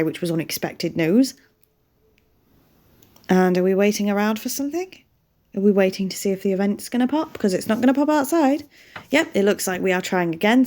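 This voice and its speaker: A woman's voice: medium pitch, darkish tone. A British woman hosting a gaming channel, chatting casually over her gameplay and often laughing at herself. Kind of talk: casual let's-play commentary.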